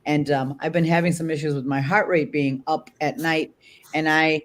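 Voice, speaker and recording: A woman's voice: deep voice, fairly even intonation, normal speed. Chatty woman dog trainer hosting. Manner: chatty, many restarts and "right?" tags. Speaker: dog trainer and show host. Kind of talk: casual chat.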